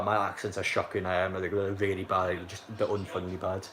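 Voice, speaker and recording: A man's voice: sits low, completely flat delivery, brisk, fairly bright tone, slight background noise. A young man, casually commentating a football match live and chatting to viewers in a rambling way. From North East England. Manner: rambling, filler-heavy, reacts to chat.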